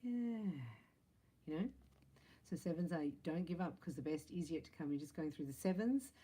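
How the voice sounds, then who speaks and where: A woman's voice: lowish voice, expressive, moderate pace, warm tone, husky, low-quality recording. A woman giving a spiritual love reading to camera, chatty and encouraging, often checking in with "right?" and "you know". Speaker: psychic reader.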